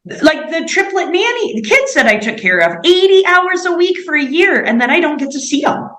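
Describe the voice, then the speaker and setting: A woman guest telling missionary stories in an interview, in an animated way with lots of "like.". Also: very high-pitched. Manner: animated, fast-paced anecdotes with frequent "like". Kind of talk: storytelling in an interview. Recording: roomy echoey recording.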